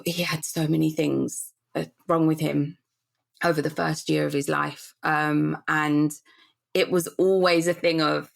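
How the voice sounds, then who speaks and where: A woman's voice: low voice, vocal fry. A woman in her thirties, a podcast guest, telling her story candidly and earnestly, often restarting and acting out what people said. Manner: earnest, rambling with restarts and reenacted quotes. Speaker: podcast guest, business founder.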